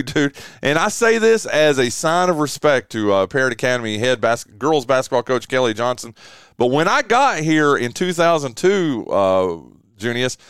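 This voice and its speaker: Smooth-voiced male sports radio host. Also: fairly high pitch, a bit bright, no echo, studio quality. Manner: rambling, lots of fillers and restarts. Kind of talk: casual sports radio chat.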